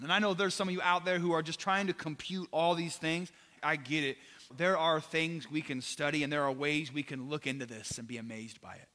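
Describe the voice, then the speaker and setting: A male pastor preaching a sermon to a congregation in a large hall, energetic and conversational, with casual slang. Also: fairly high pitch. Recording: long hall reverb.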